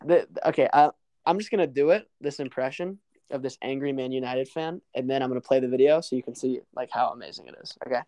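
A man's voice: mid-range voice, fast talker, mellow, no room sound. A young man co-hosting a podcast, chatting casually about sports in a joking, self-deprecating way. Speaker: podcast co-host.

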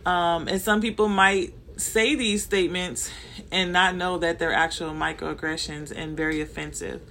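A woman's voice: fairly low pitch, fairly even intonation, moderate pace, bright, forceful tone, a little hiss or hum. A woman from Compton with a Southern Californian accent, explaining things in a casual, conversational way, with frequent fillers and self-corrections. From Compton, Los Angeles, United States. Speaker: manager sharing workplace experiences.

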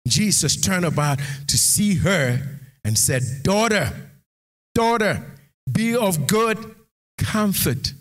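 A man preaching a sermon who reads scripture aloud and builds into shouted, sing-song exhortation. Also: a little high, big pitch swings, slow. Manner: reads scripture aloud, King James phrasing. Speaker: pastor.

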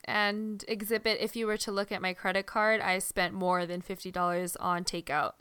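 A woman's voice: medium pitch, level tone, normal speed, pushed and bright, smooth. A young woman co-hosting a podcast in casual chat, laughing often. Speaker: podcast co-host.

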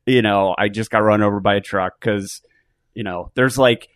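A man's voice: on the low side, fairly even intonation, normal speed, fairly bright tone, no echo. Rambling joking man, dry sound. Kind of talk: casual chat.

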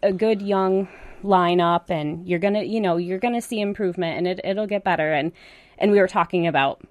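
A woman's voice: on the low side, a little fast, a little mellow. A woman in casual chat, rambling with lots of fillers.

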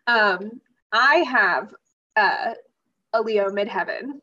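A woman hosting a casual podcast chat, animated and self-deprecating, laughing often. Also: medium pitch, slow, dull audio.

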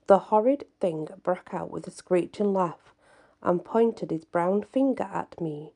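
A woman reading a folk tale aloud in the first person, in an unhurried, earnest way. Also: on the low side, vocal fry, mellow, husky. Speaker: storyteller.

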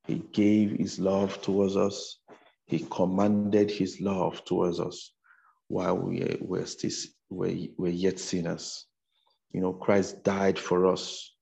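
A man's voice: deep voice, level tone, slow pace, vocal fry, warm tone. A man preaching a sermon, repeating his lines for emphasis and punctuating them with "amen" and "you know".

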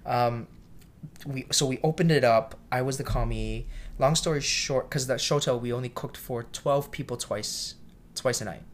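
In a casual interview, a man who works as a cook recounts a story in a mid-range voice at a moderate pace. He calls himself shy, yet acts out the story's voices, at times loudly.

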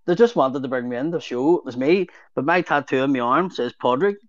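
A man's voice: mid-range voice, brisk, dry recording. A man with a Belfast accent, a guest on a casual podcast, telling stories full of swearing and laughter. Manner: sweary storyteller, laughs often. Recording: dull lo-fi audio.

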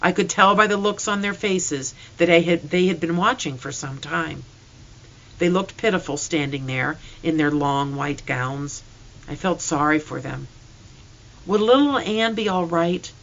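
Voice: mid-range voice, fairly even intonation, unhurried, gravelly, a bit bright, muffled recording. A reader narrating a storybook in first person with an earnest, emotional delivery.

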